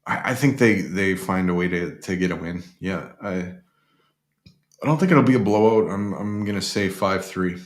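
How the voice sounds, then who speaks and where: A man co-hosting a casual sports podcast, talking in a relaxed way with frequent restarts. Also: low voice, a little slow. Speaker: podcast co-host.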